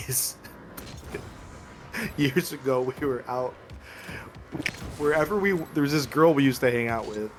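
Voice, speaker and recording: A man's voice: medium pitch, a little hiss or hum. A young man co-hosting a podcast, telling crude stories and laughing often in casual chat. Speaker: podcast co-host.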